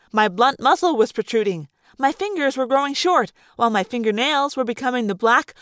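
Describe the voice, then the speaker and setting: A woman narrating a novel aloud in first person with expressive storytelling. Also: high voice, no echo, studio quality. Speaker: audiobook reader.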